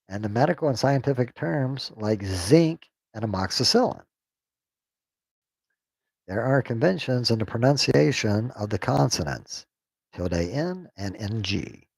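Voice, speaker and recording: A man reading a text aloud on a stream, sounding out unfamiliar words haltingly and joking to himself. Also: on the low side, lively intonation, gravelly, darkish tone, slightly rough, dry recording. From United States. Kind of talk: casual reading aloud on a livestream.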